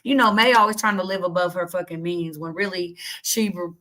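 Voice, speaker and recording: Her voice is lowish, a little fast, and pushed and bright, with poor audio quality. A young adult livestream host, she reads chat aloud and rants heatedly and bluntly at her viewers, cursing constantly and asking indignant questions.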